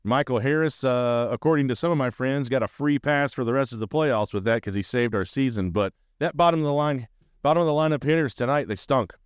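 Man, podcast host, casual sports talk, animated and rambling, swears, smooth voice, dry close sound. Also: mid-range voice, a little fast, no room sound.

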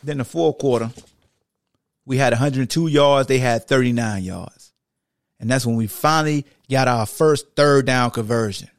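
Gravelly, exasperated man ranting. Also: medium pitch, moderate pace, dry recording, studio quality. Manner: exasperated, slangy, swings between shouting and muttering. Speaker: sports podcast host. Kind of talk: animated football recap rant.

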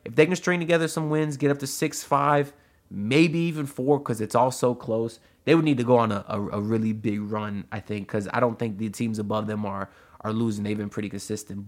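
A man running a solo sports podcast in a loose, chatty way, with plenty of "uh"s and little tangents. His voice sits at a mid pitch and he talks straight into a podcast mic, like he's chatting with his listeners. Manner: chatty and loose, with frequent "uh" and asides. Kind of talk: casual podcast commentary. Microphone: audio-only podcast mic.

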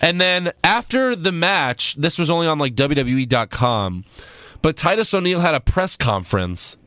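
A man's voice: on the high side, sing-song, normal speed, bright, forceful tone, no room sound. A man hosting a podcast, recapping wrestling in casual, rambling chat with swearing. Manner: rambling, swears, mocks with put-on quotes. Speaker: podcast host.

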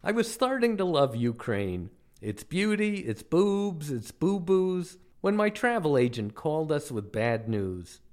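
A man's voice: a little high, very animated, a little slow, a little mellow. A middle-aged man from the United States, a podcast host telling comic travel stories with dry, self-mocking jokes. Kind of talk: comic storytelling narration.

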